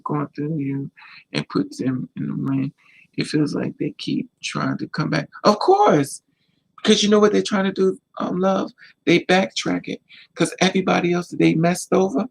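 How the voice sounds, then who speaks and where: A man vlogging life advice, hammering his points home through repetition. His voice is gravelly and a little husky, and it sits fairly high for a man. The delivery stays casual but has the insistence of a sermon. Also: poor audio. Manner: emphatic, repetitive, preachy. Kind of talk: casual advice monologue to camera.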